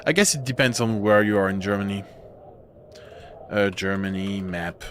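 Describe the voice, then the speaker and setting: A man's voice: on the low side, normal speed, a bit bright, a little hiss or hum. A man streaming a horror game, chatting casually in a rambling way and breaking off with laughs. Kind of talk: casual gameplay commentary.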